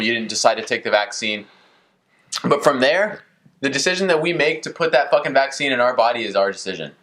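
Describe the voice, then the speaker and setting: A man on a loose group podcast, pushing back hard on his friends. His pitch swings widely as he presses his point, and he swears to drive it home. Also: fairly bright tone. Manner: argumentative, emphatic, swears for emphasis. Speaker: podcast co-host. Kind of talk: casual group chat.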